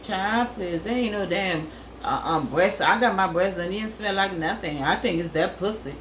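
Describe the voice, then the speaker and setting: A woman's voice: mid-range voice, normal speed, reverberant, slight background noise, natural voice. A woman voicing a blunt, sassy female roommate who talks in a brusque, scoffing way.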